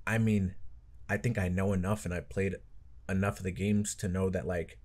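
A man's voice: deep voice, flat delivery, normal speed, a little mellow. A man hosting an anime reaction video, talking casually in a rambling, profane way, heavy on "like" and "I don't know.". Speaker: anime reaction channel host.

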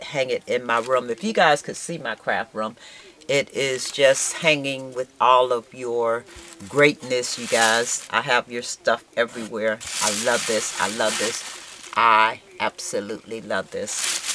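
A woman's voice: extremely low pitch, noisy background. A woman chatting casually in a craft vlog as she opens mail, gushing and exclamatory, often close to tears with gratitude. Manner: gushing, exclamatory, emotional and grateful. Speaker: crafting vlogger. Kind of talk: casual chat while unboxing mail.

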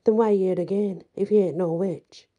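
A woman voicing an excitable, accusing woman prisoner, in a brash rustic dialect. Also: mid-range voice, fairly quick, phone-quality sound, close to an everyday voice.

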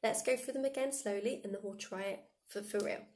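A woman music teacher leading children through a silly vocal warm-up, demonstrating buzzing, lip rolls and odd noises as she explains each step. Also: medium pitch, a little fast. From England. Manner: playful, demonstrates silly noises and sound effects.

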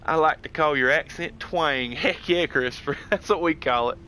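A man with a Southern US twang, talking in a bright, fairly high voice. He chats laid-back and friendly, tossing in "dude" and "heck yeah" as he streams a game. His talk stays relaxed and conversational. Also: slight background noise. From United States. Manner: laid-back and chatty, drawling "heck yeah" and "dude", reads chat aloud. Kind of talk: casual live-stream gaming chat.

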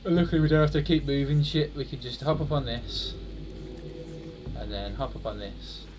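A young man commentating on his own horror-game playthrough, muttering and swearing, then bursting into loud shouts. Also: mid-range voice, moderate pace, a little hiss or hum. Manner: swears a lot, swings from muttering to loud outbursts. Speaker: gaming streamer. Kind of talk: let's play commentary.

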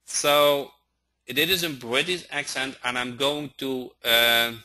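A man teaching a live online training, speaking haltingly and often checking in with his listeners. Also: mid-range voice, pushed and bright. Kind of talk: live webinar instruction.

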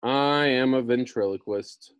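A man's voice: medium pitch, measured pace, smooth, dry recording, lightly acted. A man voicing a small old male humbug wizard, sheepish, read in a plain, mild way. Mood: explaining.

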